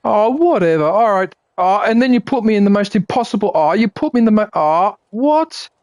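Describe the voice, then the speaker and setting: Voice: mid-range voice, animated, brisk, a little mellow, dry recording. A streamer giving live commentary while gaming, frustrated and swearing often, talking back at the game.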